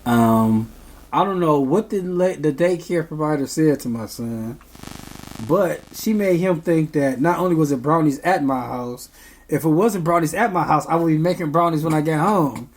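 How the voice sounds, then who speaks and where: A man's voice: fairly high pitch, normal speed. A young man, a podcast co-host, telling a meandering story in casual chat, full of ums.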